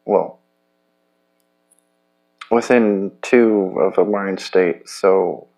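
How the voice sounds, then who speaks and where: A man talking in a loose, rambling personal monologue, profane and halting, with many restarts. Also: deep voice, fairly even intonation, gravelly, darkish tone. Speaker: vlogger.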